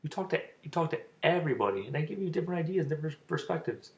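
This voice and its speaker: This young man's voice sits on the high side, rough and gravelly with lots of fry, and his intonation is lively. He talks very fast and meanders, stuttering as his speech catches and repeats. The whole delivery is informal and offhand, much like a laid-back vlogger offering tips.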